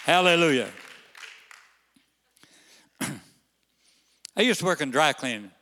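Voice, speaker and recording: An older man, a pastor, telling folksy stories in a sermon, halting on fillers, then bursting out loud to the congregation. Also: on the high side, animated, a faint crowd. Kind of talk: storytelling sermon. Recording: long hall reverb.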